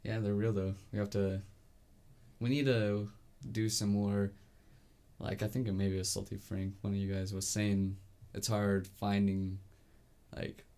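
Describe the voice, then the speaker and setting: Casting: laid-back male podcast co-host, low voice, rambling filler speech. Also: flat delivery, a little slow, darkish tone. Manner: easygoing, filler-heavy, reads chat aloud. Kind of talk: casual chat.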